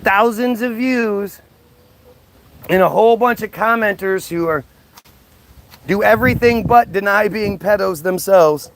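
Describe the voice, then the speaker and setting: A man's voice: sits high, normal speed, creaky, slight background noise. A man on a livestream ranting at his chat, combative and mocking as he reads out comments and argues back. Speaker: live streamer. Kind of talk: livestream rant, reading out and answering chat.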